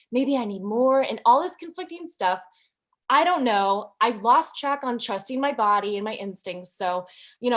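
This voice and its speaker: A young adult woman, a podcast guest, tells her personal birth story candidly and acts out her own thoughts in quotes. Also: fairly high pitch. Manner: candid, animated storytelling with quoted inner voices and laughs.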